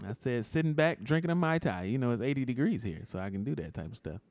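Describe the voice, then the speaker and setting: A man co-hosting a podcast in casual chat, teasing the others and jumping high in pitch when he laughs. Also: expressive, quick pace, a little mellow, no echo. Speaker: podcast co-host. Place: somewhere warm, at home.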